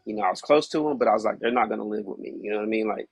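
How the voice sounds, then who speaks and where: Man guest, low, gravelly; candid casual storytelling, dry recording. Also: rapid-fire, no room sound. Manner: casual, fillers like "you know what I mean". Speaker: podcast guest.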